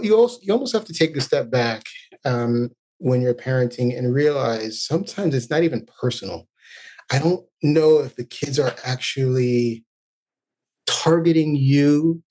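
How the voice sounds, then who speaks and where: A man's voice: medium pitch, darkish tone. A man, a music educator, talking through his thoughts as a podcast guest in a reflective, earnest way. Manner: reflective, earnest, speaks in long thoughtful runs. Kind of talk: casual interview chat.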